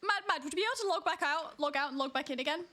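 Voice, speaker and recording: Bright high-voiced woman streamer. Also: rapid-fire. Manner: chatty, running commentary to players. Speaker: streamer hosting a hide and seek game. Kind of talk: casual livestream chat while gaming.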